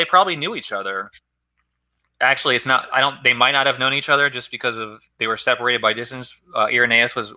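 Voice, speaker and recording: A man's voice: medium pitch, pushed and bright. A man hosting his own channel, giving a casual, rambling talk on early church history, often correcting himself mid-sentence and greeting viewers in a live chat. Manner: rambling, self-correcting, conversational. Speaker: philosophy channel host.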